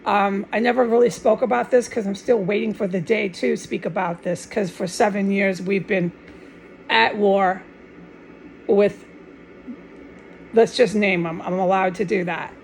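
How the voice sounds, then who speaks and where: A woman with a gravelly, creaky edge rambles through a fervent religious monologue at middling pitch. She restarts her sentences often and scatters Spanish words through her talk. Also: steady tone, measured pace, darkish tone, poor audio. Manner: fervent and insistent. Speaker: online video maker.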